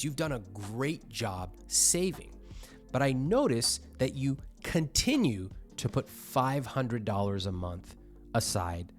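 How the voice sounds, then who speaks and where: Male finance host, mid pitch, blunt and lively, faint music underneath. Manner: blunt, animated, mock-exasperated asides. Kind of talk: reviewing viewer budgets on camera.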